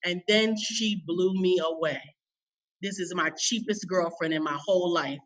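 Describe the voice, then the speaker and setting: A woman's voice: on the low side, normal speed, recorded from a distance, dull audio. A woman coach telling a personal story on a podcast in an emphatic, emotional, folksy way. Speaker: business coach guest.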